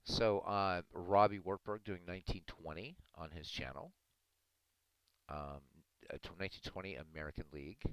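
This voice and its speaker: A man hosting a livestream, chatting casually with viewers in a relaxed, rambling way. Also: deep voice, moderate pace, smooth, no echo, rough recording. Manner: relaxed, rambling, chuckling asides. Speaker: livestream host.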